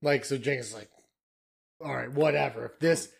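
A man's voice: medium pitch, normal speed, gravelly, husky. A man rambling through a casual history chat, swearing and filling with "like" and "you know.". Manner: rambling, profane, filler-heavy.

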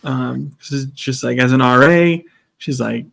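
A man's voice: mid-range voice, a little slow, gravelly, a bit bright. A man co-hosting a podcast, chatting casually as he retells the scenes of a TV episode and acts out the characters' lines. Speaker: podcast co-host. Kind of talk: casual chat recapping a TV episode.

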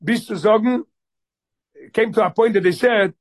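A man's voice: high-pitched, moderate pace. A man giving a text study lesson, quoting passages and explaining them as he goes. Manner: mixes English with Yiddish and Hebrew, quoting and explaining. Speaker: Torah teacher.

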